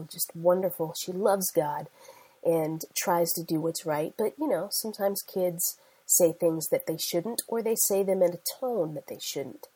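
Woman preacher, forties, mellow husky tone, emphatic sermon delivery. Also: on the low side, low-quality recording. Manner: emphatic preaching with slow stressed phrases. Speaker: Christian speaker.

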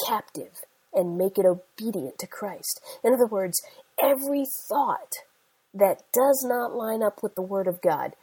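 A woman in her forties preaching a sermon, with emphatic, slowly stressed phrases. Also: medium pitch, mellow, slightly rough, poor audio. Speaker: Christian speaker.

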